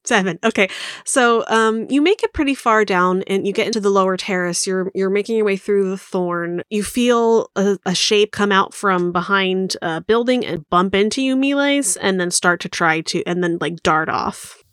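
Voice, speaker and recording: A woman's voice: mid-range voice, normal speed, a bit bright, clear, resonant tone, no room sound, studio quality. A woman narrating a tabletop game as game master, rambling with many fillers.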